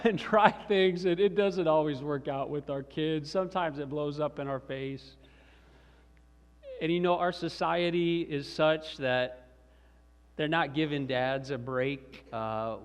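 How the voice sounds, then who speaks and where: Man preaching in an echoing church. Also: fairly high pitch. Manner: conversational storytelling with chuckles. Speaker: pastor. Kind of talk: sermon. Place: large church sanctuary. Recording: reverberant church hall.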